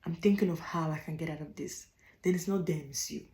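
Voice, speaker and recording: A woman's voice: low-pitched, steady tone, a little fast, dark tone, echoey room, rough recording. A young African woman giving blunt advice in a casual monologue, stressing her points by repeating phrases. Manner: emphatic, repeats phrases, laughs between points. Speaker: vlogger.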